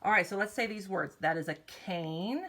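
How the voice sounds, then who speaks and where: A woman teaching kindergartners phonics, slowly drawing out vowel sounds in an encouraging, sing-song way and speaking straight to the children. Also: mid-range voice, fairly bright tone. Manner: encouraging, talks directly to children. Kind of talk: recorded morning meeting lesson for young children.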